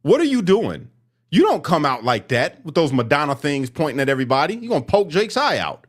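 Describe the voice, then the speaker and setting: A man reacting to clips with heavy sarcasm and blunt mockery. His voice sits a bit high and swings up and down with lively emphasis. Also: fairly quick. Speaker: commentator reacting to protest clips.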